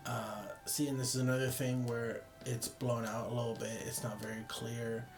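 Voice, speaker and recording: A young man in casual chat, tired and yawning, rambling and poking fun at himself. His voice sits at an average pitch. Faint music plays quietly beneath him. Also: little pitch movement, normal speed. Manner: rambling, self-deprecating, laughs at own jokes. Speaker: photography vlogger.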